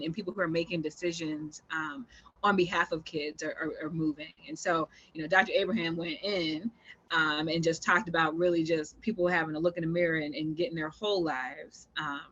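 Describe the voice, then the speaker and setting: A woman moderating a panel who asks her question haltingly, with many restarts. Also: fairly low pitch, fairly bright tone, slightly rough, dull audio.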